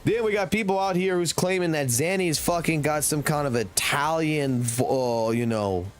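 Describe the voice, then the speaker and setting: Male game streamer, fairly high voice, cussing rant, faint music underneath. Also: normal speed. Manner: blunt, heavy swearing, slangy. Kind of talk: casual ranting commentary.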